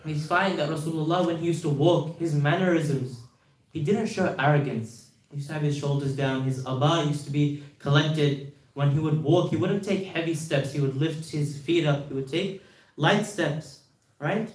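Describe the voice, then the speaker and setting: A man's voice: a little high, normal speed. A man giving a sermon, telling stories earnestly, with rhetorical questions and repeated phrases. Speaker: speaker at a religious gathering. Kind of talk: sermon storytelling. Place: hall at a religious gathering. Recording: roomy hall from a distance.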